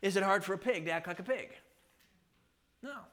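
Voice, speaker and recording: Preacher, male, high bright voice, chuckling storyteller, rhetorical questions. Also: fairly quick. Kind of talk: sermon.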